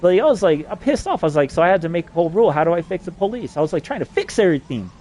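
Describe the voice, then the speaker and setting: Man, higher-pitched, rapid rambling monologue, profane and excitable. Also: slight background noise. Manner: excitable, voice climbs when agitated.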